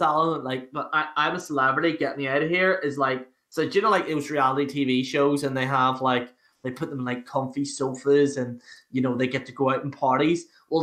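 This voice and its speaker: A man's voice: on the high side, a bit bright. A man hosting a podcast, telling rambling stories with lots of swearing and laughter. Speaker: podcast host. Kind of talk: casual chat. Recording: roomy echo.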